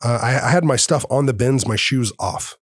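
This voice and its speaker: A man's voice: mid-range voice, moderate pace, no echo, studio quality. A man in his thirties, a podcast host, telling a personal story in an earnest, heartfelt way and acting out the dialogue. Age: 30s. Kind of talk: personal storytelling in casual conversation.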